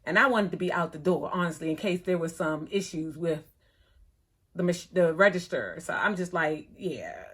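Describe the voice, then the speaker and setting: A middle-aged woman, telling a story in a chatty, animated way, acting out the other people in it. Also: lowish voice, moderate pace, breathy edge. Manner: chatty, animated retelling with quoted voices. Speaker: thrift vlogger. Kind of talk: casual storytelling vlog.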